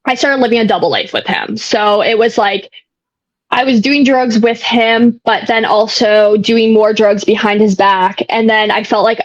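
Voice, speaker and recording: A woman's voice: a little high, fairly even intonation, normal speed, no room sound. Candid young woman, rambling with fillers. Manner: rambling, many "like" fillers, frank and profane. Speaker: guest sharing recovery story. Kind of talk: casual candid storytelling. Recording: dull, dry lo-fi sound.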